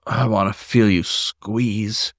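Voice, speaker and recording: A man voicing an affectionate, teasing male black bear who talks in a low growl. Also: animated, a little slow, no room sound, studio quality.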